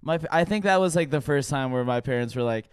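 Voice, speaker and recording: A man's voice: medium pitch, fast talker, smooth, dry recording, clean studio sound. A man co-hosting a casual podcast, rambling through stories with lots of fillers. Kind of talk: casual chat.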